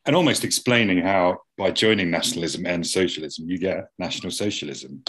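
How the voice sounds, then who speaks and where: A man with a very low, husky voice steadily recaps what happened in an episode. He lays out the plot points one by one in an easygoing podcast chat. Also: fairly quick, a bit bright. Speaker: podcast co-host. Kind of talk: casual TV discussion.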